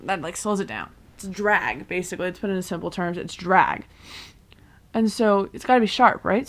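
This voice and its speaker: A woman's voice: mid-range voice, fairly bright tone. Chatty young woman recapping a show. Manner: chatty, full of "like" and "um", acts out the characters' lines in quick paraphrase.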